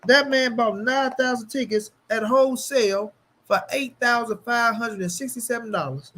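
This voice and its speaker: A man with a notably high voice vents about boxing to his camera in a loose, profane rant. He taunts and jeers over and over, jumping between loud outbursts and low mutters. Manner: taunting, mocking, repetitive jeers; animated, shifting quickly between loud and muttered. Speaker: boxing commentary channel host.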